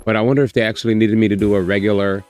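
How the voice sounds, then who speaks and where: A man's voice: fairly low pitch, steady tone, rapid-fire, darkish tone, faint music behind. A man streaming a visual novel, reading its lines aloud and joking in laid-back chat.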